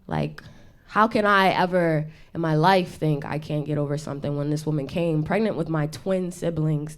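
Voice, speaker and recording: A young woman performing a chatty, self-deprecating stand-up set on a small studio stage, laughing between her lines. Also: sits low. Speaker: stand-up comedian. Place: intimate studio stage with audience.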